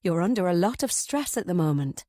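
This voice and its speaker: A worried young man, voiced by a woman reading the part who speaks quickly and anxiously. The tone stays mellow and close, in a dry, tight sound. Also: fairly low pitch, sing-song, dry recording. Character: concerned young man, the aunt's nephew.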